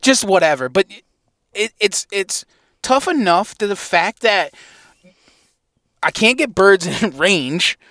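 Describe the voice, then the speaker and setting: A man's voice: high voice, slow, long pauses, dry recording, studio quality. A young man hosting a podcast, telling a hunting story in casual chat with lots of swearing and acted-out reactions. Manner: animated storyteller, swears a lot, acts out his own reactions. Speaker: podcast co-host. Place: inside a parked truck.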